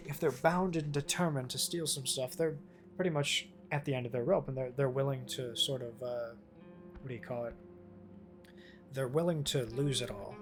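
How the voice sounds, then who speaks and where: A man chats his way through a game stream, swearing freely and working problems out aloud. His voice has a rough, gravelly texture at an ordinary pitch. Game music runs clearly beneath him. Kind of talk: casual gameplay commentary. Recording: game music playing behind.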